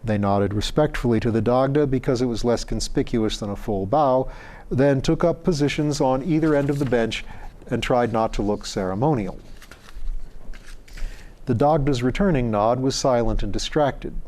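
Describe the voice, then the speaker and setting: A man reading a story aloud as narrator, in a measured and expressive way. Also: medium pitch.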